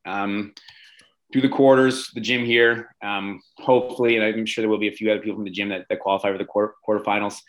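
Man, coach, low voice, casual interview, enthusiastic, lots of filler words. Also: flat delivery, fast, poor audio.

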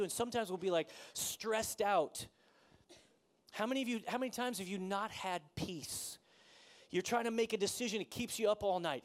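A pastor preaching a sermon in a conversational way, asking the congregation questions and acting out the people in the story. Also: male voice, sits high. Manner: conversational preaching, asks the audience questions, acts out quotes.

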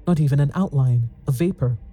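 A man reads a horror story aloud in a very dark, mellow voice at a middle pitch. His telling is intense and dramatic, and it climbs into fearful pleading when he speaks the dialogue. Faint music plays underneath. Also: a little fast, slightly rough. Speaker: audiobook narrator.

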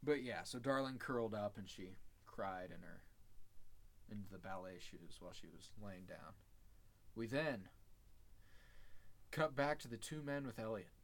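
A man in casual podcast chat, retelling a TV episode with lively swearing. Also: on the low side, a little slow, pauses often. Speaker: podcast host.

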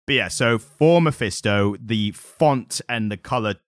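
Rambling man, low and dry. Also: measured pace, no echo. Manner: rambling, laughs often, hedges with "like". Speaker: podcast co-host. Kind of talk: casual comic-book chat.

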